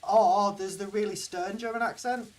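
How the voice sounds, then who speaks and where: A man's voice: sits high, fairly even intonation, normal speed, recorded from a distance. A man from Yorkshire with a mild Yorkshire accent, chatting casually with his live-stream viewers in a rambling way while he plays a game. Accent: mild Yorkshire English. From Yorkshire, England. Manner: chatty and rambling, answers chat between plays.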